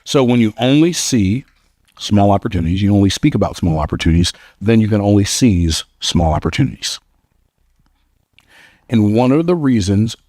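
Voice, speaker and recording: A man's voice: fairly low pitch, a little mellow, no echo, studio quality. A man giving a motivational speech to a live audience, telling stories in an emphatic, conversational way and laughing at his own lines. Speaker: motivational speaker.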